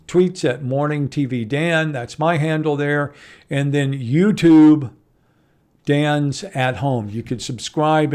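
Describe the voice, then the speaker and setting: A man, a morning TV news host giving a casual at-home news update, chatty and animated, with asides to viewers. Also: fairly high pitch.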